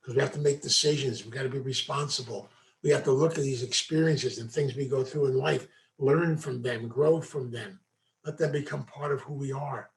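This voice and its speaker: A man's voice: medium pitch, steady tone, moderate pace. A man, a meditation teacher, giving a folksy storytelling talk to a group, full of asides. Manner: folksy, conversational, many asides.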